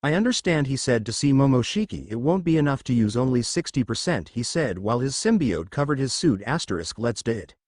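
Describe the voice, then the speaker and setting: A man's voice: medium pitch, big pitch swings, brisk, few pauses, a little mellow, no room sound, clean studio sound. A man voicing an eager, brash young male hero in a read-aloud fan story.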